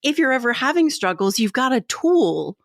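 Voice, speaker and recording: Animated woman with a lively delivery. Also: high voice, normal speed, no echo, studio quality. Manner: animated, fills speech with "like". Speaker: guest author and sex educator. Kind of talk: podcast interview.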